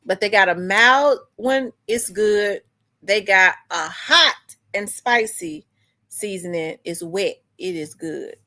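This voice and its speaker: Woman host, casual rambling livestream chat, mid pitch. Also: animated, slow, bright, forceful tone. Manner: chatty, restarts and talks back to chat comments. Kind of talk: casual chat with live viewers.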